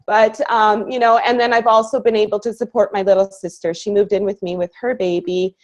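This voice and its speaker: A woman's voice: medium pitch, little pitch movement, a little fast, hardly any pauses. A woman in her thirties from Canada, the guest on a training call, telling her personal story in an earnest, enthusiastic, chatty way with frequent laughs. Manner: earnest and enthusiastic, laughs easily, many "you know"s. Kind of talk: personal story in casual conversation.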